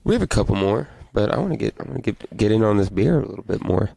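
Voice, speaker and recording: A podcast co-host with a low, gravelly voice talks fast in a relaxed, rambling chat about movies and beer, reading beer labels aloud. The audio is poor, though there's no echo.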